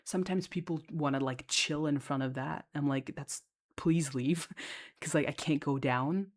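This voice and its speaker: A young adult audio creator and lifeguard chatting casually, telling a story in a rambling, animated way. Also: medium pitch, moderate pace.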